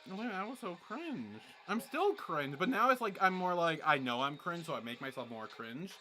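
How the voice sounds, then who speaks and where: Animated bright-voiced young man. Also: sits high, moderate pace, soft background music. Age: 20s. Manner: excitable, laughing, swearing often. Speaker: streamer. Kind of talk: livestream reaction commentary.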